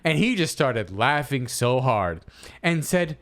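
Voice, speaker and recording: A man co-hosting a comedy podcast, reading a listener's post aloud and then arguing his side in a playful, animated way. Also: medium pitch, takes it slowly. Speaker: podcast co-host.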